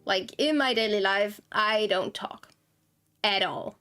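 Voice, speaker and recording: A woman's voice: medium pitch, slow, pushed and bright. A young woman streamer rambling casually to her chat, giggling often and easily flustered. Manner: rambling, giggly and self-conscious. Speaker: game streamer. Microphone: desktop streaming mic, no camera.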